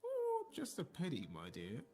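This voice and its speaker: A woman voicing a gentle, worried old husband who pleads and stammers. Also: fairly low pitch, huge pitch swings, measured pace, faint music behind, voice pushed up. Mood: pleading.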